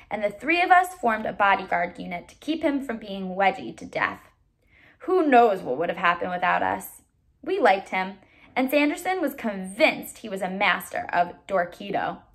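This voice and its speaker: A woman, a teacher, reads a novel aloud to a child, expressive with occasional stumbles. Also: mid-range voice.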